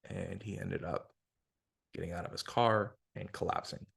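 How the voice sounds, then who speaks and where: A man's voice: low voice, steady tone, moderate pace, creaky, a bit bright, breathy edge. A man hosting a podcast, telling a personal story in a frank, casual way, with lots of swearing and filler words. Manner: frank, profane, filler-heavy retelling. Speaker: podcast host. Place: indoor room with guest. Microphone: single shared microphone.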